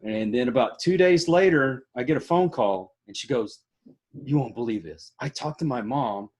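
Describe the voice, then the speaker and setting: A man's voice: mid-range voice, animated, moderate pace, darkish tone. A man, a podcast host in casual interview chat, folksy and joking.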